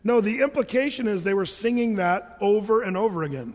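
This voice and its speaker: A man preaching a sermon as a pastor, chatty and animated, sometimes chanting scripture lines. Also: high-pitched, fairly quick, hardly any pauses. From Oregon. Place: church hall. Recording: reverberant church hall.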